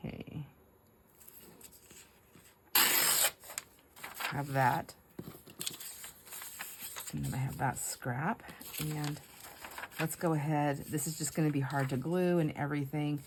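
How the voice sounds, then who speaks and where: A woman's voice: low voice, steady tone, slow pace, long pauses, noisy background. A middle-aged woman chatting casually while she crafts, telling stories with frequent laughter and asides to her viewers. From United States. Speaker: craft vlogger.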